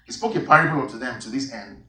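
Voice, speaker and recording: A man's voice: medium pitch, expressive, fast, sharp tone, slight background noise. A man preaching a sermon and reading Bible verses, emphatic and repeating key phrases. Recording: echoey hall, voice from far off.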